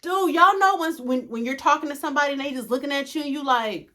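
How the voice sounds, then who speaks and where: A woman co-hosting a mother-daughter chat show, sarcastic and animated, often talking over her daughter. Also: sits high, quick pace. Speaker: podcast co-host, mother. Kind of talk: casual chat.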